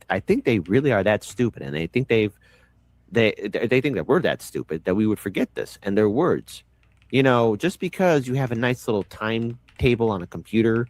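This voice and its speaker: A man hosting a live reaction stream, talking in a rambling, animated way with frequent restarts. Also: fairly low pitch, no echo. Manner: rambling, animated, repeats words.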